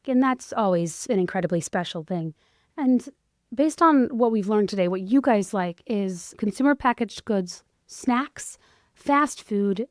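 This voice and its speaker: A woman in her thirties with a hoarse voice, hosting her own podcast in a chatty, self-deprecating, rambling way. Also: mid-range voice, a little mellow, no echo, clean studio sound. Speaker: podcast host. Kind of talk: casual solo podcast chat.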